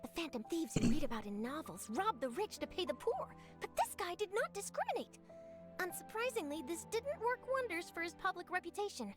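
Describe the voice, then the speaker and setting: A perky young reporter, high and lively, soft game music behind. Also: female voice, a little fast. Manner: chatty, dramatic storyteller. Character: bubbly young female reporter, self-assured. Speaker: journalist. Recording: game audio with faint music.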